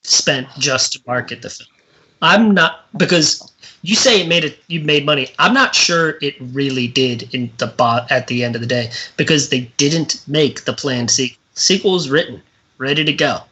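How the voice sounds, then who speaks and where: A man co-hosting a casual film podcast, telling jokey, animated stories about a movie. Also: mid-range voice, normal speed, low-quality recording. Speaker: podcast co-host. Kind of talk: casual film review chat.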